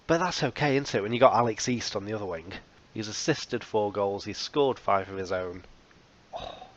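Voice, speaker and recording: A low-voiced man narrates his football management game in casual commentary. His humor is wry and self-mocking. The recording sounds dull and lo-fi. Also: lively intonation, normal speed. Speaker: let's play host.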